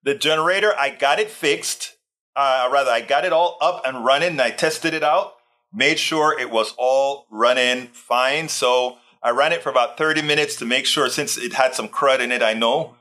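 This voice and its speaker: A man's voice: mid-range voice, moderate pace, pushed and bright. A man hosting a casual live stream, chatting in a rambling way and reading out viewer comments. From Texas. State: tired, sore back. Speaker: livestream host.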